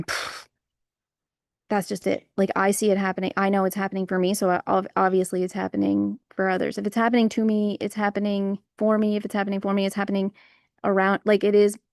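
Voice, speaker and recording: Hosting a livestream outside, a woman rambles in animated, casual chat with viewers, leaning heavily on fillers like "like" and "you know." Her gravelly voice sits at medium pitch, captured studio-clean with no echo.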